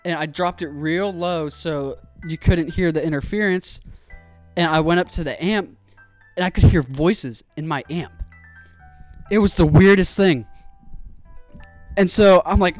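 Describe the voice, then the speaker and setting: Excitable young man telling a story. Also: a little high, measured pace, no echo, soft background music. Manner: animated, swearing, excitable storyteller. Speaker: streamer. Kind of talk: casual storytelling while building a PC.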